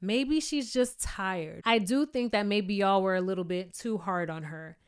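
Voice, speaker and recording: A woman, giving a chatty, animated recap of a reality show in a casual commentary style. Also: medium pitch, measured pace, hardly any pauses, smooth. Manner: chatty and animated, quoting cast members in playful voices.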